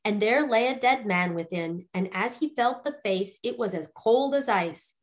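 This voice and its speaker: A woman storyteller reading a ghost fairy tale aloud in an expressive, lively way. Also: medium pitch, moderate pace.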